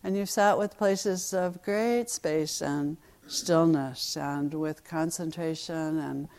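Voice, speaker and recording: Low, creaky-voiced woman meditation teacher. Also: slow, a little mellow. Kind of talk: dharma talk with storytelling. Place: meditation retreat hall.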